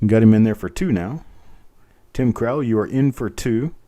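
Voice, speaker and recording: Middle-aged male auctioneer host, low mellow voice, easygoing jokes, steady bid calling. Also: moderate pace. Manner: joking, patient, repeats bids in a steady calling rhythm. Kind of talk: live online coin auction, chatty.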